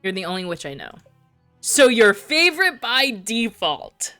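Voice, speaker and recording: A woman voicing a reserved, quiet male baker who speaks in short, low-key lines. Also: sing-song, unhurried, dry recording, soft background music, heavily acted. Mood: dry.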